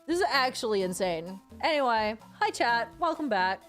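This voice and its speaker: A woman's voice: fairly high pitch, sing-song, normal speed, fairly bright tone. A woman streaming casually as a VTuber, playful and teasing, flaring into mock outrage at her chat. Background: background music.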